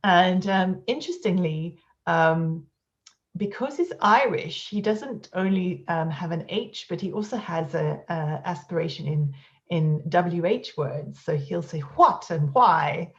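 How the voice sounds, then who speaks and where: A woman's voice: fairly low pitch, unhurried, muffled recording. A woman giving an academic conference talk, hesitant and full of fillers, over a video call. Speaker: conference speaker. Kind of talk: academic lecture.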